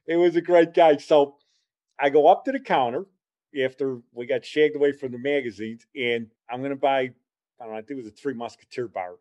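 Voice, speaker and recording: A man's voice: mid-range voice, brisk, darkish tone. A man, rambling through a casual spoken memory and repeating himself. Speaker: storyteller. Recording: dull lo-fi recording.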